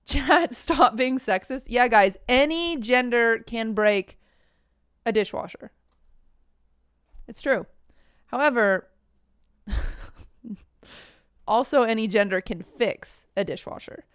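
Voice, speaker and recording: A woman's voice: a little high, slow pace, pauses often, fairly bright tone, clear, resonant tone, no room sound, studio quality. A young woman live-streaming from home, chatting casually with her chat in a playful, joking way and laughing often. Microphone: streaming mic, with earbuds.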